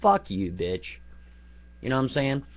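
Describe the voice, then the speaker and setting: A man's voice: mid-range voice, big pitch swings, unhurried. A man telling a rambling, profane story in a rant, laughing at his own jokes. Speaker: vlogger. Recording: dull lo-fi home recording.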